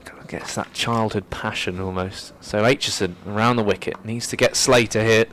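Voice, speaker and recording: Young guy calling the cricket, a bit low voiced, gets really excited on big plays. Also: moderate pace, slight background noise. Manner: lively, rises sharply in pitch and volume at big moments. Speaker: cricket commentator. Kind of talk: live sports commentary. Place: commentary box at a cricket ground. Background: faint crowd and ground ambience.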